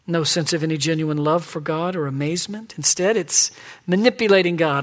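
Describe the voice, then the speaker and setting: High-voiced man preaching a dynamic sermon. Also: a little fast. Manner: swings from hushed whispers to loud emphatic pleading; acts out God and the people in quoted lines. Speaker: pastor.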